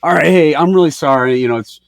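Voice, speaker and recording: A man's voice: a little high, fast, vocal fry, no echo, clean studio sound. A man co-hosting a podcast, telling a story in casual chat, acting out both sides and swearing freely. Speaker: podcast co-host.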